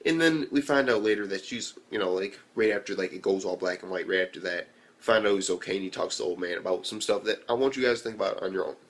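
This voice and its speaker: A young man giving a casual anime review, animated and swearing freely as he retells scenes. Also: low-pitched, fast. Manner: animated, swears a lot, acts out quotes.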